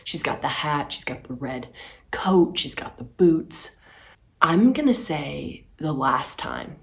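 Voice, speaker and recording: A young woman with a notably low voice rates outfits in a sassy, casual vlog chat. She is expressive and swears for emphasis. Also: slow, vocal fry. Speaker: fashion vlogger. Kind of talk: casual chatty commentary.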